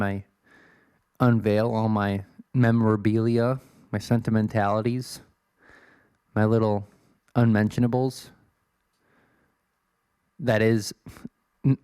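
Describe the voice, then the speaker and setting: A man's voice: medium pitch, a little mellow, clear, resonant tone, dry recording, clean studio sound. A man in his twenties from Illinois, hosting a solo podcast in a rambling, self-deprecating way. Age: 20s. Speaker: podcast host.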